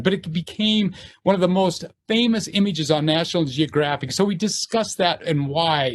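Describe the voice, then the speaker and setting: Earnest halting man giving a lecture. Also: a little high, a little hiss or hum. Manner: earnest, halting with fillers and restarts; reads course text aloud in lists. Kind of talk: university lecture.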